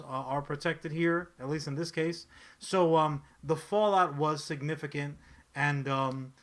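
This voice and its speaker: Man, casual podcast chat, profane, rambling, restarts, bright tone. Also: fairly high pitch. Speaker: podcast co-host.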